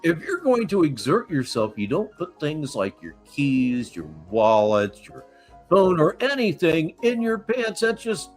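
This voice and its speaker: A man's voice: fairly high pitch, wildly swooping pitch, normal speed, soft background music. A man hosting a live stream, mocking a clip with scornful, profane commentary. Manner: mocking, scornful, swears freely. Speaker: stream host reacting to clips.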